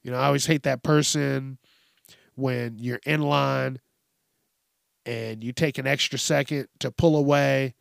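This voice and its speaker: Speaking at a measured pace in a steady, gravelly voice, a man hosting a podcast vents profanely and casually about daily irritations. He sounds exasperated and imitates others in high-pitched voices. The recording is dry and studio-clean.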